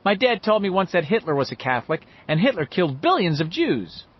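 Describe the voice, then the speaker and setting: Guy voicing a cheeky smart-mouth kid, higher and husky, dull recording. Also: big pitch swings, brisk, full character voice. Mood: teasing. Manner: teasing, offhand. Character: wisecracking young boy, teasing prankster.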